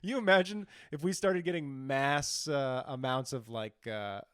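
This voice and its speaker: A man co-hosting a podcast, ranting in casual comic chat with heavy profanity, jumping from loud outbursts to low mutters. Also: animated, unhurried, clean tone, dry recording, clean studio sound. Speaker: podcast co-host.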